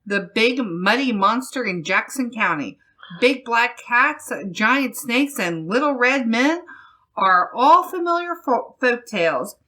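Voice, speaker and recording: Slow, bright-voiced woman reading news. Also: on the high side, animated. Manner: slow, deliberate reading with laughs between phrases. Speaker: podcast host. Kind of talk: reading a news article aloud.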